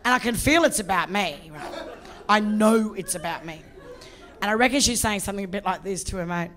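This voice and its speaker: A middle-aged woman doing a bawdy, energetic stand-up set on a comedy club stage. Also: mid-range voice, fairly quick, some chatter behind. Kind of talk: live stand-up routine.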